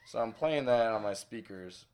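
A man's voice: lowish voice, animated, normal speed, darkish tone. A young man in casual conversation, telling stories in a laid-back, bragging way. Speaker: guest.

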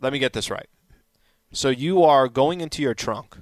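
A man's voice: mid-range voice, moderate pace, dry recording. A man co-hosting a casual sports talk show, insistent and emphatic, often repeating himself. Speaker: co-host. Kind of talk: casual sports radio banter.

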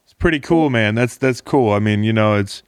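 A man's voice: fairly low pitch, normal speed, smooth, dry recording, studio quality. A man, a former football player, hosting a casual podcast chat, joking and teasing his guest with lots of restarts.

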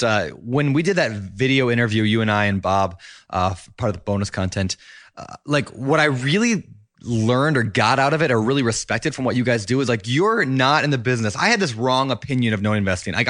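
A male podcast host talks in loose, casual chat, filling his sentences with "like" and "uh". His voice sits at an ordinary pitch and sounds close and dry, with no room around it. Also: expressive, fairly quick, fairly bright tone, dry recording. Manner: chatty, many fillers like "like" and "uh".

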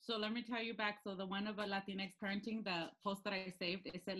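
A woman's voice: mid-range voice, fairly quick, few pauses, rough recording. Laughing woman sharing funny stories. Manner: animated, acts out quotes and laughs often; mixes in Spanish phrases. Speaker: podcast co-host. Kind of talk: casual chat.

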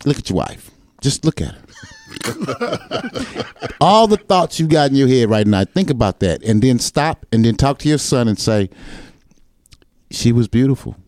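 A man's voice: mid-range voice, sing-song, unhurried, pauses often, a little mellow, no room sound. A man co-hosting a casual panel chat, loose, joking and profane. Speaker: podcast co-host.

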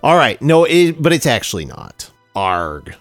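Male co-host, expressive pitch, wry scripted album reviews, light music bed. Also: normal speed, dry recording. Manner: dry joking, reads prepared reviews. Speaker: podcast co-host. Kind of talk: casual music podcast chat.

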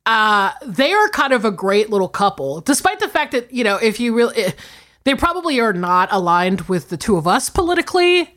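Lively, expressive woman podcaster. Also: a little high, a little fast. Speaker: podcast co-host. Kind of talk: casual movie chat.

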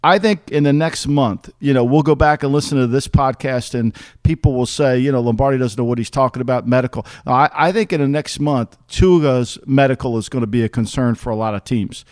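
A man's voice: medium pitch, normal speed, few pauses, no room sound, studio quality. A middle-aged man co-hosting a sports podcast, arguing bluntly and emphatically and cursing freely. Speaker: podcast host, former football executive. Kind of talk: casual sports podcast chat.

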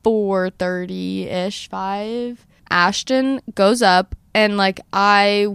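A woman in her twenties hosting a podcast, telling a story in a fast, animated way and acting out the quotes. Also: mid-range voice, vocal fry, clear, resonant tone, no echo. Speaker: podcast host. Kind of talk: casual storytelling chat.

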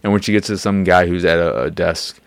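A man's voice: low-pitched, a little fast, creaky, smooth, no echo. A man hosting a podcast, rambling in casual talk with lots of fillers and hedges. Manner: rambling, hedging, many fillers. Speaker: podcast host.

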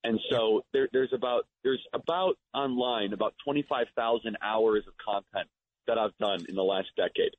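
Earnest male guest calling in, husky voice on a tinny phone line. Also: fairly low pitch, steady tone, moderate pace. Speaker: guest, activist. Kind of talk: radio interview.

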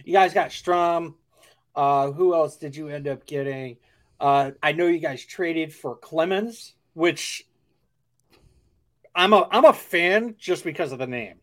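A man's voice: a little high, a little slow, a bit bright. A man hosting a sports podcast, chatting casually and asking questions with lots of fillers and restarts. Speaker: podcast host.

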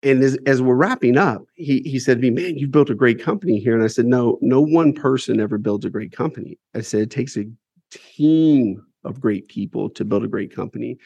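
A man's voice: mid-range voice, brisk, gravelly, a little mellow, slightly rough, dry recording. Candid, emphatic man telling his story. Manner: emphatic, candid, swears freely, repeats words as he builds a story. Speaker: CEO of a publishing company, guest. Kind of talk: casual storytelling interview.

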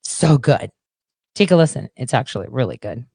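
A woman's voice: rumbling low, animated, normal speed, vocal fry, dark tone, husky, dry recording. A woman hosting a talk show, ranting bluntly and sarcastically, with plenty of swearing. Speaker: podcast host. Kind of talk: ranting monologue.

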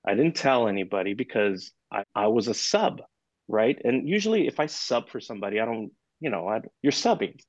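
A man in a podcast interview, telling anecdotes in an animated way and acting out the dialogue in them. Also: on the low side, a little fast, no room sound, highs cut off. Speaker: guest percussionist.

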